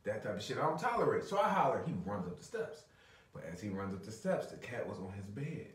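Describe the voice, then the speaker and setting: A man's voice: fairly low pitch, big pitch swings, quick pace, fairly bright tone. A man in his thirties, a podcast co-host, telling a story in casual chat, laughing and swearing a lot. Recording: roomy, distant mic.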